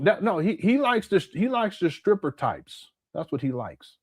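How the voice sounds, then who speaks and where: A man from Southern California with a fairly high voice hosts a reaction commentary. He talks candidly and with animation, often restarting his sentences, in a dry, close recording. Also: no echo. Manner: candid and animated, with frequent restarts and quick asides. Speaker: commentator and channel host.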